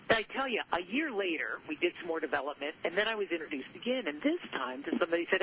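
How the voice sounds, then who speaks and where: A man's voice: sits high, animated, quick pace, few pauses. Upbeat man telling stories in interview. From southern California. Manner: earnest, repeats himself, upbeat. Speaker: author and guest. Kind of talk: conversational interview storytelling. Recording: muffled audio with faint noise.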